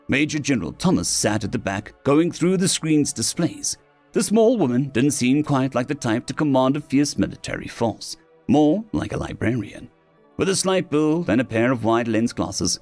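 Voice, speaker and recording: A man narrating a science fiction story in an expressive, scripted way. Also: mid-range voice, moderate pace. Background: faint music.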